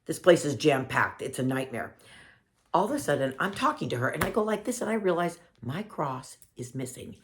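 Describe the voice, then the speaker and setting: A woman vlogger earnestly telling a personal story to her viewers, emotional and warmly addressing them as family. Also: deep voice, big pitch swings, brisk.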